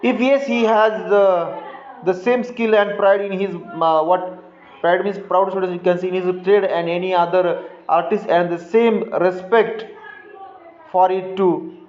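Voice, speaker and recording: High-voiced Indian English teacher, slow and halting. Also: male voice, fairly even intonation, a little mellow. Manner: slow and halting, with many fillers and restarts, explaining word meanings. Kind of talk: reading a story aloud and explaining it to a class. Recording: roomy, dull lo-fi recording.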